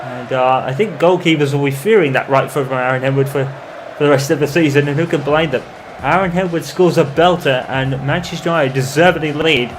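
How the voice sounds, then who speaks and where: A man commentating over his own football video game in the style of a match broadcaster, calm between plays and erupting into shouts when a goal goes in. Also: on the high side, fairly quick, over music. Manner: excitable, bursts into shouting on goals. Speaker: gamer doing mock football commentary. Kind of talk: playful imitation of match commentary over gameplay.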